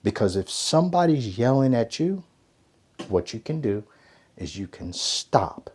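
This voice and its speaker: Husky man coaching with emphatic energy. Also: medium pitch, very animated, unhurried. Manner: emphatic, conversational, swings from loud to hushed. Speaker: ethics and leadership coach. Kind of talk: motivational teaching talk.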